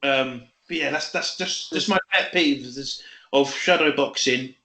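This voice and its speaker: A man's voice: medium pitch, unhurried, bright, forceful tone. A man on a casual podcast, ranting about gym annoyances with lots of swearing and acted-out voices. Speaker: podcast co-host. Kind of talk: casual chat. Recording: roomy echo.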